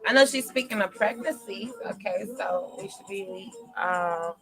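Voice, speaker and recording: A woman in a relaxed, chatty mood runs a live tarot stream, her voice sitting at a middle pitch. She laughs easily and drifts between gossip and readings. Soft music plays behind her. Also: measured pace, creaky, poor audio. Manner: laughs often, animated and chatty. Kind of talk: casual live-stream chat.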